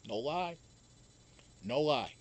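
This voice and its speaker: A man's voice: mid-range voice, expressive, takes it slowly. A man hosting a live stream, telling a rambling, profane story and answering chat casually. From Wisconsin.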